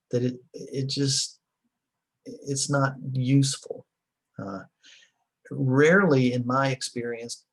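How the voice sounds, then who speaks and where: A man's voice: mid-range voice, husky. A man lecturing a class in a conversational way, with fillers and short emphatic repeats.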